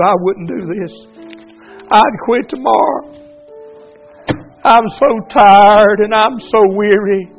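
At a church service, a male preacher from North Carolina with a Southern accent delivers a fervent sermon and altar call, moving from loud exhortation to a hushed plea. His voice is high, and the recording sounds muffled.

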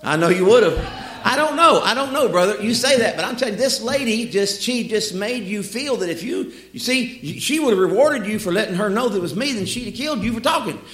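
A man preaching a sermon with folksy, humorous storytelling and lively asides. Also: high-pitched, brisk, hardly any pauses. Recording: echoey room.

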